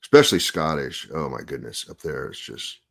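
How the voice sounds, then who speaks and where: Super deep west coast american guy, joking around on a coding stream. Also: lively intonation, a bit bright. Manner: jokey, chatty, quick to laugh. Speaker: co-host of a live coding Q&A. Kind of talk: casual chat.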